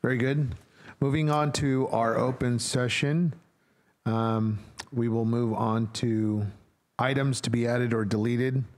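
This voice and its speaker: A man's voice: mid-range voice, steady tone, slow. Man chairing a board meeting. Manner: procedural, with frequent fillers.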